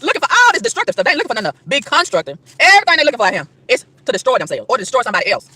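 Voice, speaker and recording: A woman's voice: a little high, huge pitch swings, rapid-fire, bright, forceful tone, breathy edge. A woman outdoors in a park, delivering an emphatic, preachy rant to camera, firing rhetorical questions and tripping over repeated words. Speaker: vlogger.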